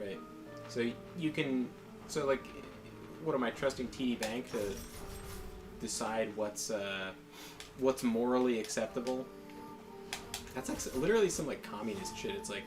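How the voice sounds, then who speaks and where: A man chatting casually during a game session, ranting in a profane, rambling way and often breaking into laughter. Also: medium pitch. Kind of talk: casual chat. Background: game music.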